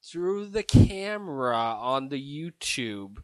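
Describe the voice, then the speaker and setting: A young man co-hosting a casual podcast, laid-back and deadpan, swearing freely. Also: mid-range voice, takes it slowly, dry recording. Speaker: podcast co-host. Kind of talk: casual live podcast chat.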